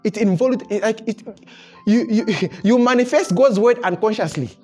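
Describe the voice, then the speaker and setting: A pastor with a high-pitched voice preaches to his congregation at a moderate pace while soft music plays in the background. His delivery is animated, and he chuckles often, repeating words and restarting phrases as he builds his point during the church service.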